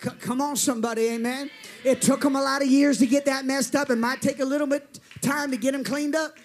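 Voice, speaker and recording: A male preacher, telling a story in a sermon with animated delivery and calls for amens. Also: very high-pitched, brisk, faint music behind.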